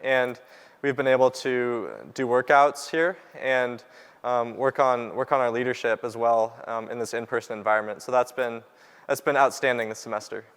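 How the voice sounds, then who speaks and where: A man's voice: mid-range voice, fairly even intonation, moderate pace, a bit bright, smooth, in a large hall. A college student in his twenties answering panel questions politely, with many ums. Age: 20s. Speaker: civil engineering student.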